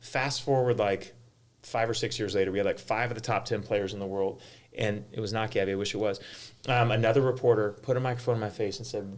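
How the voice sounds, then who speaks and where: Middle-aged guy telling stories on a panel, lowish voice, says like a lot. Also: fast. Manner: animated, frequent "like" fillers. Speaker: golf tournament director. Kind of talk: panel conversation, storytelling.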